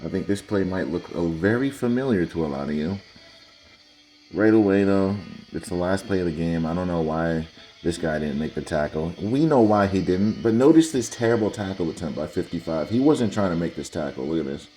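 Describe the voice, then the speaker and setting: Man, low voice, dark tone, blunt exasperated sports commentary, casual, faint music behind. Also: lively intonation, fairly quick. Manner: blunt, exasperated, keeps saying "guys". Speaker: sports video host. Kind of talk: casual commentary over game highlights.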